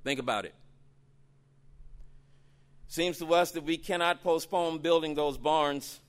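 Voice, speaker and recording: A man preaching a sermon, slow and dramatic, dropping soft and then rising loud. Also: on the high side.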